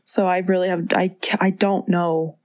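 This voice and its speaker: A woman's voice: on the low side, flat delivery, moderate pace, a little mellow, no echo, studio quality. A young woman co-hosting a casual movie podcast, rambling and agreeable, often trailing off mid-sentence. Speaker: podcast co-host.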